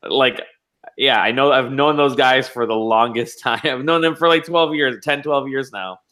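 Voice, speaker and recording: A man co-hosting a podcast in casual chat, relaxed, laughing often and raising his voice when he quotes people. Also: mid-range voice, brisk. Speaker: podcast co-host.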